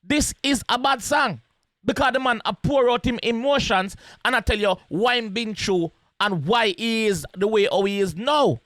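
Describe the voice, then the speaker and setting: A man's voice: sits high, moderate pace, few pauses, fairly bright tone, no room sound. A man with a Jamaican accent giving casual, emphatic commentary on a song as host of a reaction video, repeating his points in patois slang.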